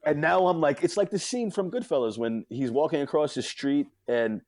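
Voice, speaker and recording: A man's voice: fairly high pitch, moderate pace, a little mellow. A man, a podcast guest, telling a comic story with big energy, often laughing mid-sentence and acting out the quotes.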